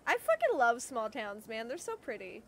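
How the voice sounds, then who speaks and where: A young woman gaming streamer reading a visual novel aloud and reacting in casual chat, giggly and excitable, swearing freely. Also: on the high side, moderate pace, a little hiss or hum. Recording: game music playing behind her.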